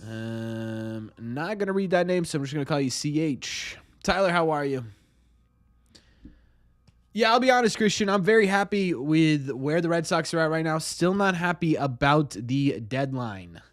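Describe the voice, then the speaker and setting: A man's voice: on the high side, lively intonation, normal speed. A young man hosting a casual live stream, chatting and greeting viewers by name.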